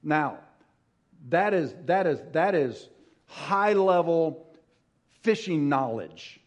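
High-voiced man preaching a sermon. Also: lively intonation, slow. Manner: storytelling, emphatic, swings from hushed to loud; engages audience with call-and-response.

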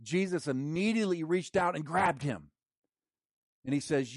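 A male pastor preaches in a loose, slangy, conversational way, often restarting his sentences. He swings from loud, emphatic bursts to hushed, quiet passages. His voice sits a little high and is recorded dry and close. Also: animated, normal speed, pauses often, dry recording. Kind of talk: sermon.

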